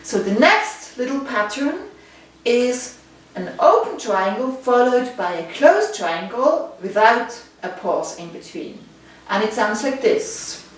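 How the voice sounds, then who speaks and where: Slow-talking woman teaching in an echoey room. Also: on the high side, sing-song. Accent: Swiss German. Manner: patient, counting rhythms aloud, checks in with listeners. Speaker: body percussion teacher. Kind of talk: instructional video lesson. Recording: very echoey room, distant mic, faint noise.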